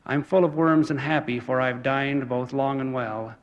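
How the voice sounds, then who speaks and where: A man reciting the words of a hardworking little red hen in a poem, soft and low-key, with a long hall reverb. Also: little pitch movement, normal speed, lo-fi sound, close to an everyday voice. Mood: content.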